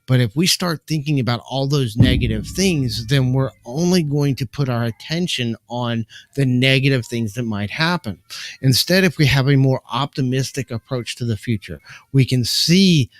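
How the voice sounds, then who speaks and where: A man talks in a calm, earnest way about finding inner peace, keeping a steady, measured flow as he hosts a live stream from home. His voice sits in a middle register. It comes across dry and close, with almost no room sound. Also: mid-range voice, no echo. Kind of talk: reflective spiritual talk. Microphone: desk microphone.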